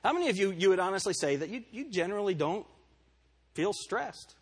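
A man's voice: high voice, animated, fairly quick, husky. A male pastor giving a candid, conversational sermon to his congregation and calling on members by name. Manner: candid and self-deprecating. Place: church service before a congregation.

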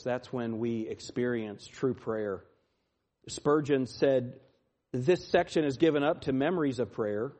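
A man preaching a sermon, swinging from loud, pleading lines to hushed, quiet ones. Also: a little high. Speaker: pastor.

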